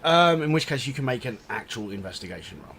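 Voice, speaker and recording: Lively-voiced man running a tabletop game. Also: medium pitch, fast talker, slight background noise. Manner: relaxed, hesitant with fillers. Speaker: dungeon master.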